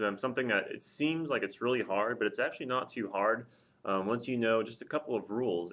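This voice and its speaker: A young man teaching at a board in a casual, explanatory way, often pausing with ums and repeating example words slowly. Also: on the low side, a bit bright. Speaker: Spanish teacher. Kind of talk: classroom-style explanation at a board.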